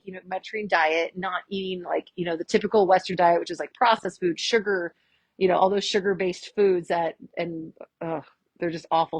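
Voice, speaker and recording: Chiropractor woman, husky, animated presenter style, dry room. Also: medium pitch, dry recording. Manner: chatty, animated, quick asides and jokes. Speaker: chiropractor giving a health workshop. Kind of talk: casual lecture to a live audience.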